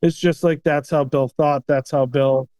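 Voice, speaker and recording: A man, a chef and restaurant owner, telling stories casually in an animated way, often tagging "you know what I mean.". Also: a little high, a little slow, no room sound. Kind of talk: casual storytelling.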